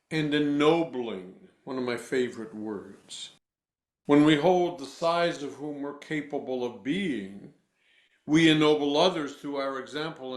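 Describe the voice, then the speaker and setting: A man working as a voice coach, guiding a breathing exercise with slow, deliberate, instructive cues and then answering interview questions. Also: mid-range voice, echoey room.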